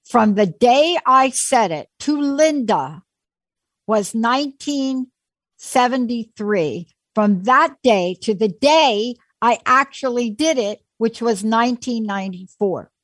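A woman's voice: fairly high pitch, no echo, clean studio sound. A woman in casual conversation, telling a personal story with emphasis.

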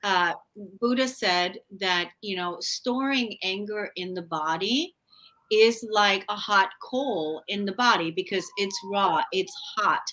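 Passionate bright-voiced woman guest. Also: medium pitch, takes it slowly. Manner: emphatic, passionate, occasional swearing. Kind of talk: casual spiritual wellness chat.

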